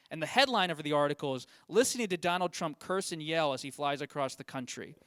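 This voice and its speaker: A young adult man tells an anecdote to students and slips into the voices of the people he quotes. His voice is smooth and clear, sits slightly high, and has no room sound around it. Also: fairly bright tone, no room sound, clean studio sound. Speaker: journalist guest. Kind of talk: storytelling to a school audience.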